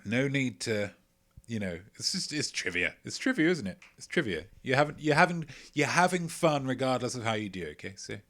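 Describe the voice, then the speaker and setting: A man hosting a casual livestream quiz, playful and self-mocking, chatting between loud remarks and mumbled asides. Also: mid-range voice, sing-song, brisk. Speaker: quiz show host.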